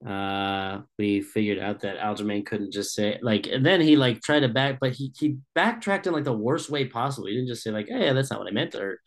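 A man's voice: lowish voice, brisk, few pauses. Laid-back male podcast co-host. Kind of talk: casual chat.

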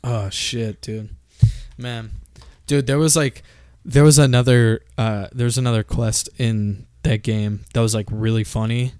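Smooth-voiced man ranting about games. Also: medium pitch, steady tone, measured pace, a little mellow, no room sound, studio quality. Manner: profane, ranting, laughs often. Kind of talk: casual gaming chat.

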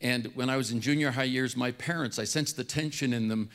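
A man's voice: medium pitch, a little fast. Older man telling family stories. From California. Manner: warm-humored storytelling, acts out quoted voices. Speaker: speaker. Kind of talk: storytelling talk.

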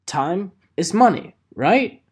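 A man's voice: high voice, very animated, takes it slowly, a little mellow, slightly rough. A man talking casually to his viewers as a photographer, rambling with wry, self-mocking asides. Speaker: photographer vlogger. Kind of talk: casual monologue to camera.

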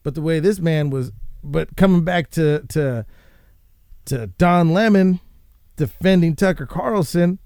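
A man hosting a casual show, ranting and swearing in a rambling, animated way. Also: on the high side, unhurried, clean tone, no room sound, clean studio sound. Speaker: podcast host.

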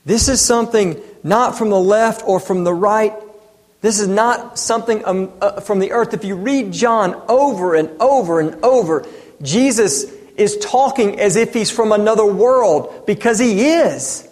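A man's voice: high-pitched, a little slow, a little mellow, long reverb tail. A man in his thirties preaching a sermon, asking rhetorical questions and pressing his points with emphasis. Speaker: pastor.

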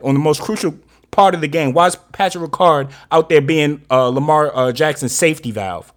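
A man's voice: fairly high pitch, fairly quick. A man co-hosting a sports talk show, ranting angrily and profanely about his team's coaching and drafting. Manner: angry, profane ranting, rising to shouts. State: fired up and frustrated. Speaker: sports podcast co-host. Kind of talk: heated casual sports rant.

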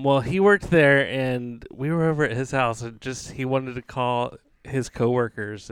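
A man's voice: mid-range voice, clean tone, dry recording. A man co-hosting a casual podcast chat, telling rambling stories with many fillers and restarts. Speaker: podcast co-host.

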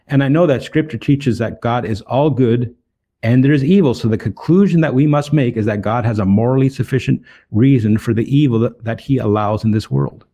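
Speaking briskly in a dark, mid-range voice, this street evangelist shares Bible stories and personal testimony with earnestness. He retells the dialogue with emphasis, playing out each part.

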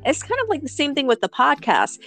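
A woman's voice: high voice, big pitch swings, fairly quick, fairly bright tone, faint music behind. A woman from New City, co-hosting a podcast in casual, blunt chat, swearing freely and restarting her sentences often. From New York City. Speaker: podcast co-host.

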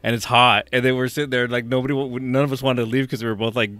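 A man's voice: medium pitch, flat delivery, quick pace, fairly bright tone, smooth, no echo. A man co-hosting a casual podcast, telling profane, rambling stories and laughing along. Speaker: podcast co-host. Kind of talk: casual chat, reading odd news.

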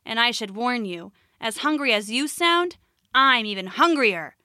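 A woman voicing a calm, wily male frog in a storybook, talking in an unhurried, knowing way. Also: fairly high pitch, no room sound, studio quality.

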